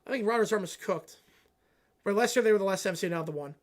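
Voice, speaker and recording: A man hosting a live stream, chatting casually and answering viewers' questions, swinging between loud excited rants and quiet low asides. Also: fast. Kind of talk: casual live reaction chat.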